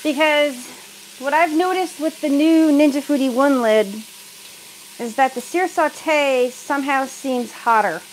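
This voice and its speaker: A woman's voice: high voice, measured pace, a little hiss or hum, poor audio. A middle-aged woman from the United States chatting casually while cooking in her home kitchen, laughing often and reading out viewers' comments. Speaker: cooking livestream host.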